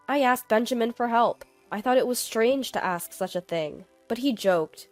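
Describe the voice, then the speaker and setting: A woman narrating a personal family story in a calm, matter-of-fact, scripted first-person style. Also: a little high, unhurried, hardly any pauses, no echo, faint music behind.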